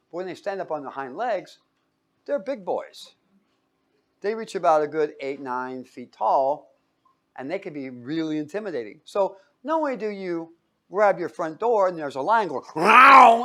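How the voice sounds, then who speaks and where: A man preaching in a casual, storytelling way, often chuckling and asking his listeners questions. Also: fairly high pitch. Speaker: preacher teaching a Bible study. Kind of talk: casual sermon.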